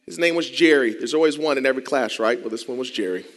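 A man telling his own life story as a dramatic speech, moving between hushed asides and loud, intense passages. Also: mid-range voice, fast. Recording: long reverb of a large hall.

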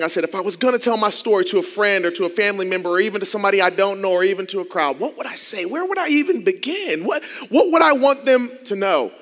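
Fast, high-voiced man preaching in a hall. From Akron, Ohio. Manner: animated, acts out quoted dialogue with big pitch swings. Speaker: church groups director. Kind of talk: sermon storytelling.

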